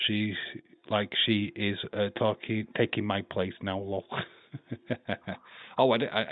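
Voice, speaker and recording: The host of a live watch-along has a Yorkshire accent and a voice on the low side. He chats casually, laughs frequently, swears and reads viewers' messages aloud, in a dry, phone-quality recording.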